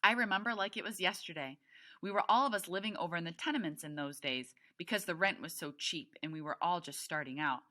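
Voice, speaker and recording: Teacher doing a chatty nervous mom, rambling, words all smooshed together. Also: female voice, on the low side, bright, forceful tone. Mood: gushing. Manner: rambling, rushed, flustered. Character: chatty nervous single mother.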